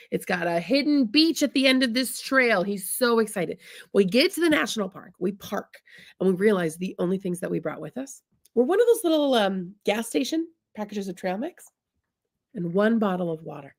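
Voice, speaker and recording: A woman from the US Midwest telling a funny personal story in a chatty, comic way, often calling her listeners "y'all". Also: medium pitch. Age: adult, married. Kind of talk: humorous storytelling talk.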